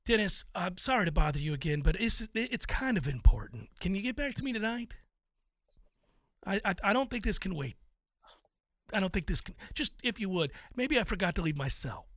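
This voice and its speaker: A man's voice: high voice, wildly swooping pitch, normal speed, vocal fry, few pauses, fairly bright tone, husky, no echo, heavily acted. A man voicing a flustered, anxious older male sports executive who talks in a fretful, pleading way.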